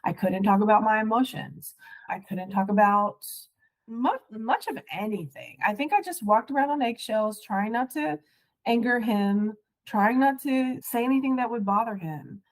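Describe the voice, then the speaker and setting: Woman telling a painful story, halting. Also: a little high, poor audio. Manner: halting, emotional, many restarts. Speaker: podcast guest. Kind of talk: personal storytelling.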